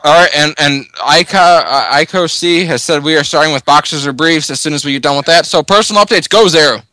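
A man's voice: fairly high pitch, a little fast, sharp tone, dry recording. A man hosting a casual podcast chat after a few drinks, loose and rambling. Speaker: podcast host.

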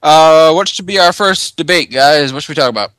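A man's voice: on the high side, fairly quick, a bit bright, clean tone, no room sound. A man hosting a casual podcast chat after a few drinks, loose and rambling. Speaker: podcast host.

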